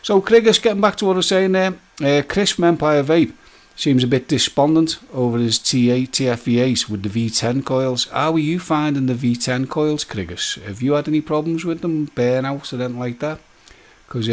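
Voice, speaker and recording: A man hosts a casual live stream in a mid-pitched voice. He rambles in a chatty, jokey way, fills his talk with ums and restarts, and speaks straight to his viewers by name. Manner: loose rambling talk with many fillers and restarts.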